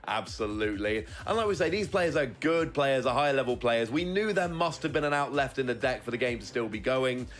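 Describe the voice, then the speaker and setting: A man commentating a competitive card game, calmly explaining each play and the players' options. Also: medium pitch, fairly quick, hardly any pauses, faint music behind. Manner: analytical, explains play step by step.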